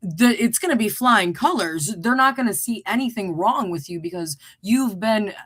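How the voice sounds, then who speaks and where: A woman's voice: mid-range voice, lively intonation, normal speed, breathy edge. A woman co-hosting a podcast, teasing and joking in a playful, mock-earnest tone. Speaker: podcast co-host. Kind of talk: joking casual chat.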